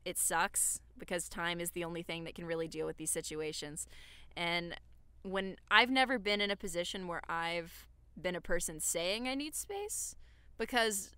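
A woman's voice: fairly low pitch, fairly even intonation, normal speed, bright, forceful tone, clear, resonant tone, no echo. A woman from Alabama co-hosting a podcast, giving earnest, rambling advice with lots of "like" fillers. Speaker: podcast co-host. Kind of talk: casual advice chat.

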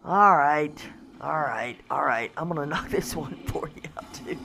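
A woman hosting a casual let's-play, chatting to the animals in her game in a coaxing, excitable way. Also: sits low, unhurried, creaky, a little hiss or hum. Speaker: gaming channel host.

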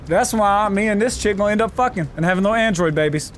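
A man giving loud, joking, profane commentary while playing a video game. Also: high-pitched, quick pace, few pauses, slight background noise. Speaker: gameplay commentator. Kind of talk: let's play commentary.

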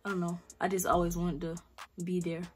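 A woman's voice: lowish voice, flat delivery, a little fast, faint music behind. A young woman in her late teens with a South Carolina accent, answering Q&A questions in a blunt, slangy vlog where she swears freely. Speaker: vlogger. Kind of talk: casual Q&A vlog.

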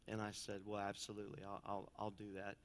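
A man preaching a sermon as pastor, telling stories in a folksy way and swinging between loud and quiet passages. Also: lowish voice, monotone, fairly quick. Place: church sanctuary. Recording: long church reverb.

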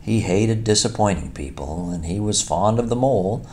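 Man, audiobook narrator, low voice, measured expressive storybook reading. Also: slight background noise.

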